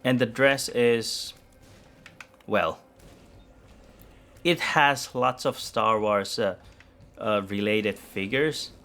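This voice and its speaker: Slow, rambling man streaming a game. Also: on the low side, pushed and bright. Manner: rambling, hesitant, many restarts; self-mocking, chatty with viewers. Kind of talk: live gameplay commentary with chat.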